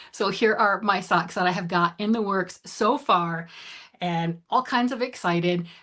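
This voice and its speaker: A woman's voice: mid-range voice, a bit bright. Woman, knitting livestream host, casual chatter, self-deprecating. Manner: chatty, self-deprecating, fiddling with stream settings. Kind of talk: casual live-stream chat.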